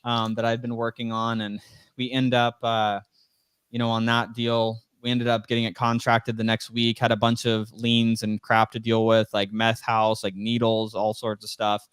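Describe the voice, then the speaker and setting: Young male guest, smooth clear voice, dry close sound, rambling storyteller who acts out quotes. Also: mid-range voice, completely flat delivery, moderate pace, a bit bright, dry recording. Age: 20s. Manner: rambling, heavy use of "like" and "you know"; acts out quoted dialogue in a raised voice. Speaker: interview guest, real estate investor. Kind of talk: casual storytelling interview.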